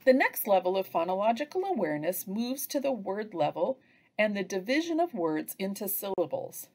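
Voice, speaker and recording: Woman, teacher trainer, instructional narration, lively pitch. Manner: slow, lively delivery with chanted example phrases.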